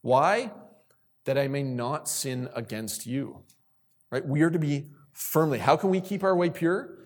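A man's voice: a little high, unhurried. Man preaching with repeated emphasis. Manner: asks questions and calls on listeners; repeats key phrases for emphasis. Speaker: youth speaker. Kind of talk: sermon.

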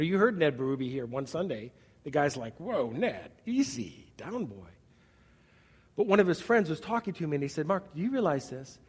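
A man preaching in a large church, his voice sitting a little high for a man. He is animated, acting out small scenes and dropping from loud bursts to hushed, quiet asides. A long reverb from the hall trails every phrase. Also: breathy edge. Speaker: pastor. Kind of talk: sermon.

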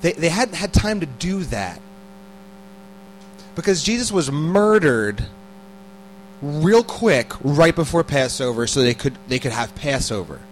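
A man's voice: fairly high pitch, animated, a little slow, long pauses, faint music behind, poor audio. A man and parent giving a casual, conversational sermon, often repeating words and putting questions to his listeners. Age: adult parent. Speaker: preacher.

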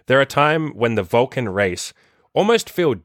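A man's voice: medium pitch, very animated, a little slow, fairly bright tone, dry recording, studio quality. A man hosting a solo podcast, talking bluntly and passionately with lots of swearing, tired. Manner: blunt, profane, impassioned. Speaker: podcast host and dating coach.

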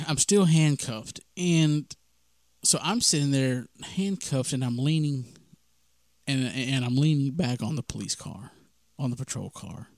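A man's voice: mid-range voice, no room sound, clean studio sound. Man telling a story. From Mississippi, USA. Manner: animated, acts out the dialogue of his story. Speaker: podcast host. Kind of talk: casual storytelling.

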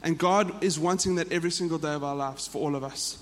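Speaking quickly in a large hall, this South African pastor delivers an earnest sermon in a voice on the high side. He keeps circling back, repeating and restarting his phrases.

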